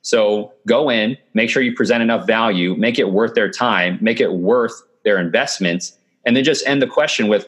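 A man with a fairly low voice speaks over a remote call. He coaches with calm confidence and often checks in with his listener. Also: moderate pace, hardly any pauses. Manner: confident, coaching tone with frequent "okay" and "right". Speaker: guest. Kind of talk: remote podcast interview. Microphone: video call.

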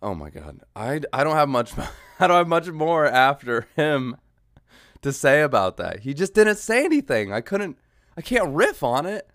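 A man's voice: fairly high pitch, very animated, normal speed, fairly bright tone, no echo, clean studio sound. A man hosting a podcast, casually riffing and joking about video clips in a rambling, swearing manner. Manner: rambling, swearing, mocking riffs. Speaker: podcast host reacting to clips. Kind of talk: casual comedic commentary.

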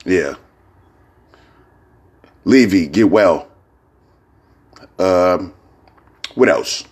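A hungover man rambling in a casual vlog, profane and laughing, sending shout-outs. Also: deep voice, sing-song, extremely slow, pauses often, husky.

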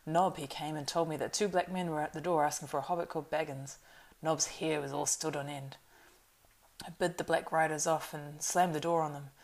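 A woman voicing a nervous, talkative male innkeeper in an audiobook reading, in a loud, rambling, flustered way. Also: deep voice, fairly even intonation, a little fast. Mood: gossiping.

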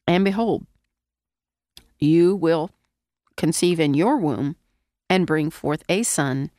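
A woman's voice: deep voice, slow, dark tone, no echo, clean studio sound. A woman teaching a Bible passage in a conversational sermon, speaking around a lozenge in her mouth and asking her listeners questions.

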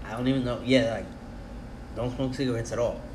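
A man's voice: medium pitch, fairly even intonation, brisk. A young man co-hosting a casual podcast, teasing and incredulous, cursing freely. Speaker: podcast co-host. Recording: echoey room with background noise.

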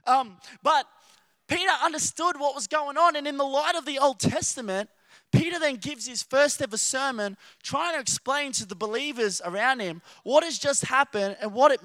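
A man preaching, his voice pitched very high and bright with a forceful ring. He tells stories in an animated way and drops into playful acted-out voices. The sound is dry and close. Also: dry recording. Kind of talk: sermon.

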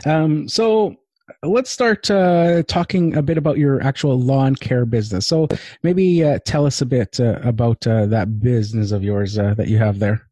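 Mellow man hosting a podcast, hesitant. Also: mid-range voice, normal speed, no echo. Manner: hesitant, many fillers, agreeable backchannels. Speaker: podcast host. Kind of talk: interview.

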